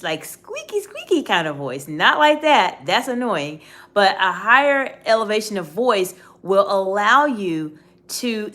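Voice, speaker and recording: A woman's voice: medium pitch, fairly bright tone. A middle-aged woman coaching viewers on a livestream, emphatic and speaking straight to her audience with frequent questions. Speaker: executive communication coach.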